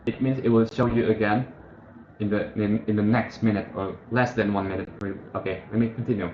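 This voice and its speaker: A man's voice: on the low side, fairly even intonation, brisk. A man casually walking through a study app on screen, thinking aloud and correcting himself as he goes. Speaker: tutorial host. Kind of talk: casual screen-share tutorial. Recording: muffled, echoey room with faint hiss.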